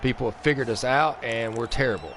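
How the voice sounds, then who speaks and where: Man, gaming commentary, mock play-by-play, frustrated venting, average pitch, noisy recording. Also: fairly quick. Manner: venting, swings between flat grumbling and excited outbursts. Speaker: gaming channel host.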